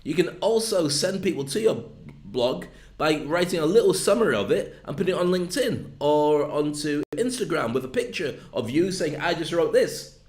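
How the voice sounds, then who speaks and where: A man's voice: a little high, animated, moderate pace, darkish tone, reverberant. A man with a northern English accent, giving a chatty, jokey video lesson on content marketing. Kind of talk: casual video lesson to camera.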